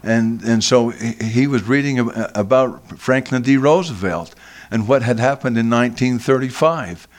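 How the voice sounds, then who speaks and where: An older man recounts a memory at an unhurried pace, stopping and restarting his sentences as he goes. His voice sits at an ordinary middle pitch. He speaks as a guest in a radio studio. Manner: slow, halting, with many restarts. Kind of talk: storytelling on radio.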